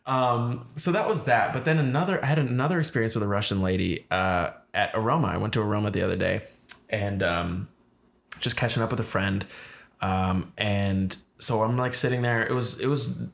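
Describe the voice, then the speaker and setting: A man's voice: fairly low pitch, normal speed, vocal fry, a bit bright. A man co-hosting a podcast, telling a story in a casual chat and acting out the people he quotes. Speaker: podcast co-host.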